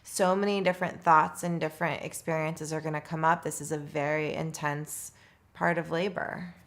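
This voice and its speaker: A woman's voice: sits low, moderate pace. A woman candidly telling her own birth experiences in a casual chat. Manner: candid, animated when quoting others. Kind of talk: casual personal storytelling.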